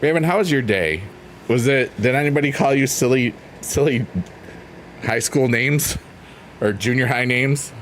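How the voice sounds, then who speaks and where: A man's voice: medium pitch, a little slow, fairly bright tone, slight background noise. A man casually chatting on a livestream, reading out chat messages in a rambling, playful, teasing way. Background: faint piano music.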